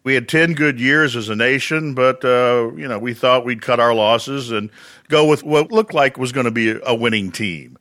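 A man with a Central Texas drawl, a radio correspondent being interviewed, telling things with dry, wry deadpan humor. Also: medium pitch, normal speed.

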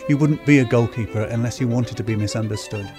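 A man talking reflectively in an interview, pausing often with fillers as he thinks aloud. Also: medium pitch, a little mellow, soft background music. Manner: thoughtful, halting with many fillers. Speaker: author interviewed about goalkeeping.

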